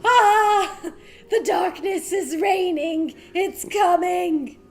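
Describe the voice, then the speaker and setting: Woman voicing a crazed old king, frantic doom warnings, high-pitched, slow and drawn out. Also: a little mellow, faint music behind, full character voice. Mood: panicked shouting. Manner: frantic, crying out warnings of darkness. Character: panicked old male king, wild-eyed and doom-crying.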